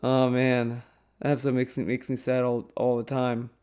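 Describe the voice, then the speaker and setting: A man streaming casual commentary, rambling excitably and swearing often as he talks. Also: medium pitch, moderate pace, clear, resonant tone. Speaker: streamer reacting to a clip.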